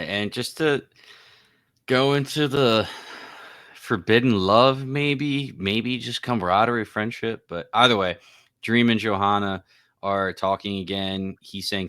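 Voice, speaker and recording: A man with a very deep voice recaps an episode on a podcast. He walks through it scene by scene and quotes the dialogue in a thoughtful, casual way. The mic is close and dry. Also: slow pace, a bit bright, dry recording. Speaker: podcast co-host.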